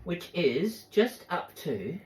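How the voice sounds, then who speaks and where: A man's voice: on the high side, sing-song, slow, darkish tone. A man with an Australian accent giving a casual cooking demonstration, chatty and upbeat and talking straight to his viewers.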